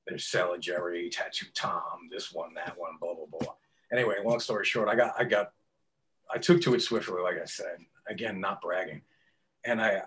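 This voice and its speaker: A middle-aged man, a tattoo artist telling stories in an interview, swearing often and acting out quotes loudly. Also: lowish voice. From New York. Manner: animated, profane storyteller who acts out quotes loudly. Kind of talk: casual storytelling interview.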